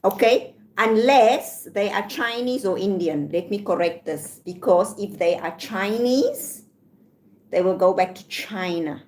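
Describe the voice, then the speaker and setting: South African woman, home vlogger, combative and deliberate, faint background hiss, mid-pitched voice. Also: darkish tone. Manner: combative, repeats phrases slowly, reads comments aloud. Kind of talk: casual rant to camera.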